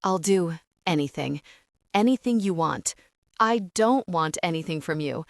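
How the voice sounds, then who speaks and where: A woman's voice: fairly low pitch, expressive, unhurried, creaky, no echo, studio quality. A woman voicing a remorseful young man who begs desperately, in an audiobook reading. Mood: pleading.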